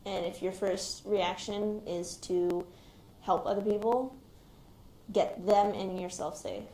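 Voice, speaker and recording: A young woman, an active military member, recounts surviving a shooting in a hesitant, reflective, quiet-spoken way. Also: mid-range voice, takes it slowly. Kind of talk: recounting a personal experience in an interview. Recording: roomy recording with faint background noise.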